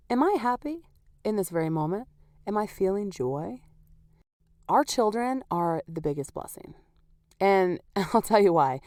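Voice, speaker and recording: A woman's voice: medium pitch, darkish tone, no echo, clean studio sound. A woman hosting a podcast in casual, candid chat, laughing often, her voice worn and not at full strength. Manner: chatty and candid, laughing often, with lots of "like" and "you know". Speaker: podcast host. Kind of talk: casual solo podcast talk.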